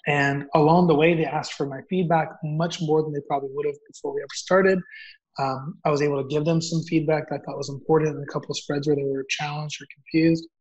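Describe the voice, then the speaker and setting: A man telling a story as a guest author, acting out the dialogue in an animated way. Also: on the high side. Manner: animated, acts out quoted dialogue. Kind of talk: storytelling in an interview. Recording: dull lo-fi audio.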